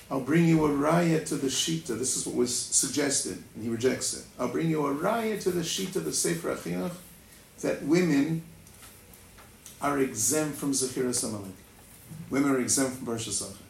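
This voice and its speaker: A man's voice: fairly high pitch, gravelly. A man giving a Torah lecture, thinking aloud with many fillers and rhetorical questions. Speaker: Talmud teacher. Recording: echoey room, faint noise.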